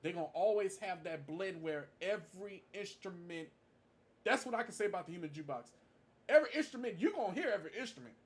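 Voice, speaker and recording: Man, high-pitched, emphatic vlog tribute with lots of repetition. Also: expressive, fast talker. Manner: emphatic, repeats his points for stress. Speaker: marching band fan vlogger. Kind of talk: casual tribute monologue to camera.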